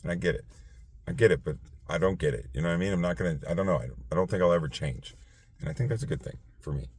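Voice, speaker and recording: A man's voice: low voice, expressive, very fast, darkish tone, slightly rough, dry recording. A tired man hosting a casual late-night talk show, rambling with many fillers and restarts. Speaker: podcast host.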